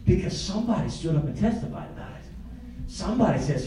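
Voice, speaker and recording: An older man preaching a sermon to his congregation, alternating fervent shouting with quieter, chuckling asides. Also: high voice, sing-song, fast. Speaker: pastor. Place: church sanctuary. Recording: echoey church, heard from a distance, congregation audible. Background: congregation calling out responses.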